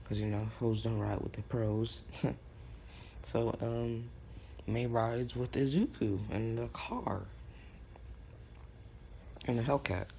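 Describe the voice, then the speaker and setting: A man rambles through an improvised fan story and keeps restarting his sentences. His voice sits at an ordinary pitch with a gravelly edge, and a faint hiss sits under the recording. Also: steady tone, takes it slowly, long pauses, warm tone. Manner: rambling, many fillers and restarts.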